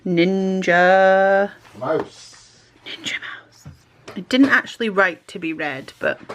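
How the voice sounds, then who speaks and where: A woman's voice: on the low side, fairly bright tone, slight background noise. A woman chatting casually as a stationery vlogger, self-deprecating and talking to herself while she works. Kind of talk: casual chat while crafting.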